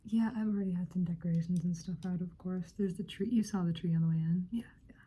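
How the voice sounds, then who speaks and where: A woman's voice: lowish voice, steady tone, fast, warm tone, breathy edge. A woman whispering in a friendly role-play, giggling and rambling through casual chat as a friend hosting a visit.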